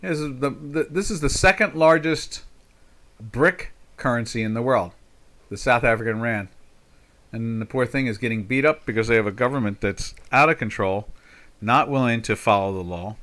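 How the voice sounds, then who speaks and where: An older man in his sixties talks through currency charts live in a rambling, folksy way, with sarcastic asides about governments. His voice is bright and forceful, at an ordinary middle pitch for a man. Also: normal speed. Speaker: market commentator. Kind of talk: live trading commentary.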